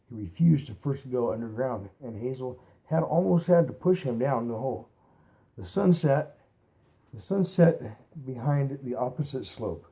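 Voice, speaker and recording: A man reading a novel aloud at an unhurried pace, correcting his slips as he goes. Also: medium pitch, mellow. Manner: unhurried, re-reads stumbles aloud. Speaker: reader.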